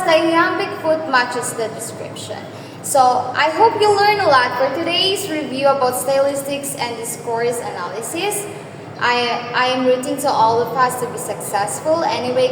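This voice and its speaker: A woman's voice: high-pitched, moderate pace. Woman teacher, echoey noisy room. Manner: explains step by step, checks in with "okay?". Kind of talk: exam review lesson. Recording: echoey room with loud background noise.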